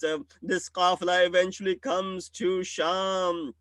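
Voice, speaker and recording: High-voiced man, solemn sermon. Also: unhurried, fairly bright tone, no echo. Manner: solemn, storytelling. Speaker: religious scholar. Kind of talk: mourning sermon narration.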